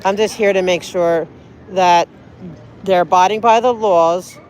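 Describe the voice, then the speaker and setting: A woman's voice: lowish voice, fairly even intonation, measured pace, darkish tone. A woman livestreaming outdoors on a city street, talking in an earnest, pleading, rambling way. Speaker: livestreaming auditor.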